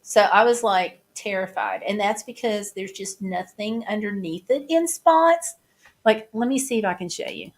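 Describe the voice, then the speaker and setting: Casual female vlogger, halting and chatty, plain mid voice. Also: mid-range voice, expressive. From United States. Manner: chatty, halting, many restarts and fillers. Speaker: vlogger showing flood damage. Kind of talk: casual chat over photos.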